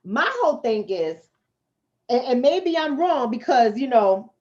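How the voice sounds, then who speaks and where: A woman's voice: on the high side, very animated, measured pace, a little mellow, highs cut off. A woman from the Bronx, hosting a casual livestream and answering her chat in a blunt, streetwise way that repeats points for emphasis. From the Bronx, New York City. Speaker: livestream host and relationship coach.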